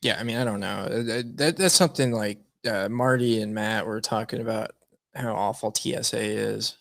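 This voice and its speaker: A man's voice: fairly low pitch, normal speed, gravelly, a bit bright, no echo. A man co-hosting a podcast, joking and sarcastic in a casual chat. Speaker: podcast co-host.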